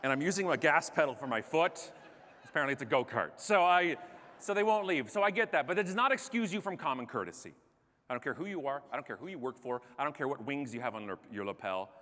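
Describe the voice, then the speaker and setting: A Canadian man giving a comedic keynote on stage, telling a story in an animated way and acting out the other people in it. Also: medium pitch, quick pace. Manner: animated, acts out characters, self-mocking. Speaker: keynote speaker. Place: large conference hall stage. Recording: long reverb of a large hall.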